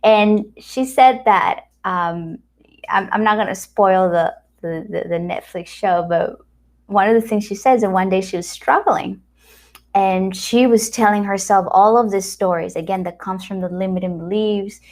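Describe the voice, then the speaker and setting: Animated woman telling stories. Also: medium pitch, measured pace. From Latin America. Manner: animated storyteller acting out quoted dialogue. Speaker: speaker at a wellness retreat center. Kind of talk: motivational talk with anecdotes.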